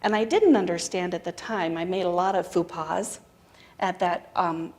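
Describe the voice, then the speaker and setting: A middle-aged American woman giving a spiritual talk, telling a story in a conversational, animated way and acting out the dialogue. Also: fairly low pitch, normal speed. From United States. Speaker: spiritual practitioner speaker. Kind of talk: sermon storytelling.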